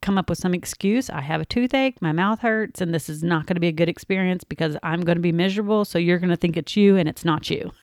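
A plainspoken woman from Oklahoma with a Southern accent and a slightly low voice. She co-hosts a podcast in a relaxed, candid chat. The sound is close and dry. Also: fast, hardly any pauses, dry recording. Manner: candid, plainspoken, laughs easily. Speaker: podcast co-host. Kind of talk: casual chat.

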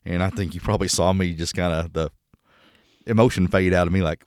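A Texan man with a very low voice talks fast, sharing candid stories on a podcast. He tells them with crude, joking humor. The recording is dry and close. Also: fairly even intonation, darkish tone, no room sound. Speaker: podcast co-host. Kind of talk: casual conversation.

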